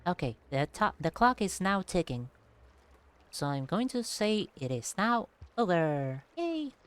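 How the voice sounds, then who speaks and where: A woman streaming a game, chatting casually in a lowish voice. She drifts between silly made-up songs and offhand tangents. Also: expressive, unhurried, clean tone. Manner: playful, sings nonsense ditties. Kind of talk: casual gameplay commentary.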